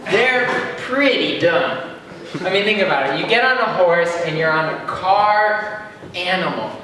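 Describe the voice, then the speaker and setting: A young man doing a stand-up comedy set, deadpan and chuckling at his own jokes. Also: sits high, unhurried, noisy background. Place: open-mic stage in a hall. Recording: echoey hall recorded from far off.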